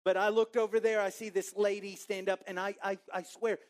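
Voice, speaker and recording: Telling a vivid story from his own life, a Texas man in his forties delivers a sermon and performs his inner monologue aloud, his voice high and his pace a little quick.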